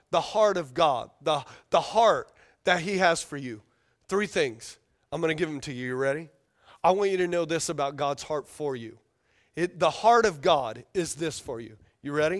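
A man with a high voice preaches from a church stage into a microphone. He talks loosely, with slang, and keeps calling on the congregation to answer back. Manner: energetic, call-and-response with congregation, casual slang. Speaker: pastor. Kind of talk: sermon. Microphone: handheld or stage microphone.

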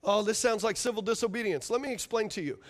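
High-voiced emphatic preacher. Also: male voice, fast talker. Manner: emphatic preaching, rhetorical questions to the congregation. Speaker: pastor. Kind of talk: sermon.

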